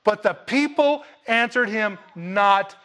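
A man's voice: high-pitched, slow pace, fairly bright tone. A man preaching a sermon in a conversational, emphatic way, with folksy asides to the congregation.

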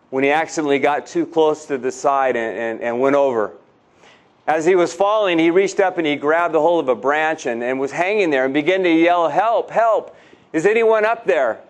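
A male pastor praying and preaching reverently, often repeating words as he goes. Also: a little high. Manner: reverent, prayerful, stammered repeats. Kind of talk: sermon and prayer.

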